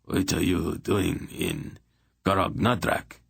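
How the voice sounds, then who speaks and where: A man voicing an excitable, plaintive male king in an audiobook, protesting and quick to shout. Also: deep voice, gravelly, breathy edge, dry recording, studio quality, heavily acted. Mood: agitated.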